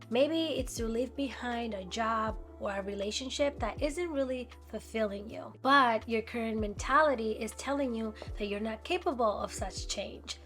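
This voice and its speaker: Self-help vlogger, woman, earnest and direct, slightly high voice, soft music underneath. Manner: earnest, direct, asks viewers questions. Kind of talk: motivational talk to camera.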